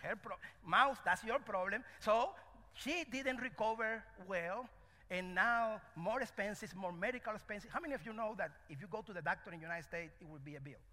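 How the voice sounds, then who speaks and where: A man's voice: sits high, fairly quick. A man preaching a sermon, asking the congregation questions and telling a parable. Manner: animated, call-and-response questions. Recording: echoey hall.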